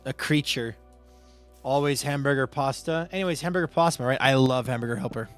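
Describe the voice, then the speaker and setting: A man streaming a game, chatting casually and answering his viewers' chat with quick asides. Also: mid-range voice, faint music behind. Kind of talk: casual live-stream chat while gaming.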